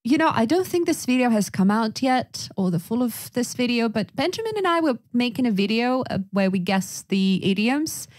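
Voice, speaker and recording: A woman's voice: on the high side, lively intonation, moderate pace, hardly any pauses, a little mellow. Playful woman co-hosting a podcast. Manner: playful, teasing. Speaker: podcast co-host, English teacher. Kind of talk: casual podcast chat.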